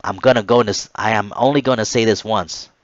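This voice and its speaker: A man playing a harsh male navy drill instructor who yells and curses at recruits. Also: fairly low pitch, steady tone, quick pace, no room sound, dull audio, natural voice. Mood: barking orders. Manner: yelling, cursing, barking orders.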